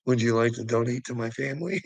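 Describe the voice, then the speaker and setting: Laughing, taunting man with a gravelly voice. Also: mid-range voice, no room sound, poor audio. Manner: laughs a lot, taunting, swears. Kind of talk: rambling monologue to viewers.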